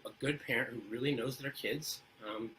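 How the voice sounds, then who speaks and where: A man's voice: medium pitch, steady tone, moderate pace, bright, forceful tone, a little hiss or hum, poor audio. A man telling personal stories as an interview guest, earnest and fond of rhetorical questions. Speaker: guest speaker on parenting. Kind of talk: casual storytelling interview.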